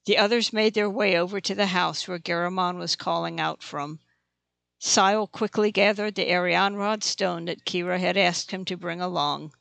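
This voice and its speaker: Audiobook narrator, steady plain reading, gravelly texture, dry close sound. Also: medium pitch, moderate pace, no echo. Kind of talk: scripted narration.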